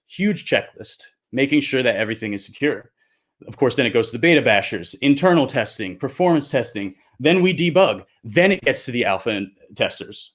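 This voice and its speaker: Guy hosting a livestream, earnest and kinda heated, mid pitch, lots of restarts. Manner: earnest, grows heated and insistent, many restarts. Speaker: co-founder hosting a live crypto show. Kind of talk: unscripted livestream monologue.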